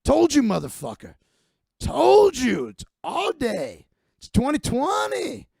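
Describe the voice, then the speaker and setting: A man voicing an aggressive gunman who yells threats. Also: high-pitched, slow, clean tone, no room sound, clean studio sound, pitched above the performer's own voice. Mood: menacing.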